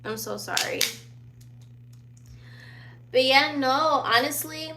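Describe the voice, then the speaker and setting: A woman's voice: high voice, takes it slowly, noisy background. A woman in her twenties with a youthful-sounding voice, chatting casually and laughing often as she answers viewer questions. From born in Virginia, raised in Sicily and Germany. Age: 20s. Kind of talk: casual chat.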